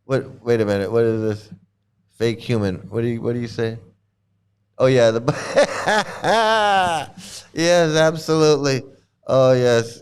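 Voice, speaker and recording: A man's voice: medium pitch, unhurried, clean tone. A man giving casual reaction commentary on clips, rambling and repeating himself, laughing often.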